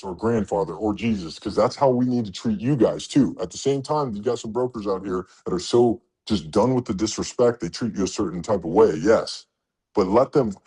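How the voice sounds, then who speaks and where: A man with a lowish, mellow, slightly rough voice coaches truckers in a blunt motivational talk. He swears a lot and acts out quoted exchanges as he goes.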